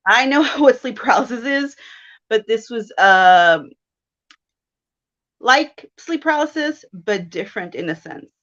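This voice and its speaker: A woman's voice: fairly high pitch, unhurried, pauses often, highs cut off. Chatty woman telling a strange story. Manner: chatty and animated, with laughs and self-quotes. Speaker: guest. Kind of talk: casual storytelling chat.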